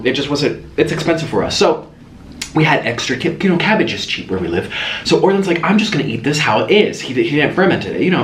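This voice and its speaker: A young man chatting casually while eating, in a food vlog, excitable and chatty between slurps. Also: a little high. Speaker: food vlogger. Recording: echoey room with faint hiss.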